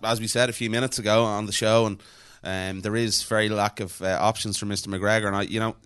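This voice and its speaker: Low-voiced, swearing co-host. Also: male voice, quick pace, smooth, no room sound, studio quality. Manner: animated storyteller, swears freely. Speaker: podcast co-host. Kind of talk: casual chat.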